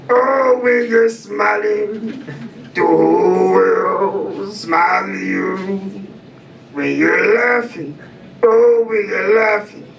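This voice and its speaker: A man impersonating an old male jazz singer, crooning slowly and drawn out on a stage in a coffee house. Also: high voice, creaky, a bit bright, echoey room, pitched above the performer's own voice, exaggerated voice. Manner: slow drawn-out sung crooning. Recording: distant mic, noisy café room.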